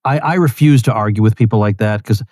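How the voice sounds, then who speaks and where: Mellow-voiced male podcast host. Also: on the low side, fast, dry recording, studio quality. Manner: earnest, with frequent restarts. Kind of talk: casual interview conversation.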